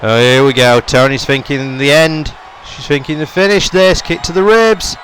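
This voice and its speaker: A man's voice: mid-range voice, steady tone, normal speed, a bit bright, slight background noise. A young man giving running play-by-play commentary on a wrestling video game, his voice jumping up on the big moves. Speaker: gaming YouTuber.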